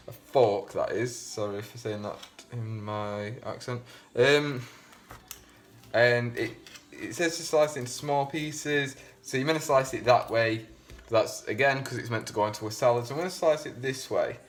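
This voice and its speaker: Chatty man cooking at home. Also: mid-range voice. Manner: chatty, rambling, self-deprecating. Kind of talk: casual cooking commentary. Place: home kitchen.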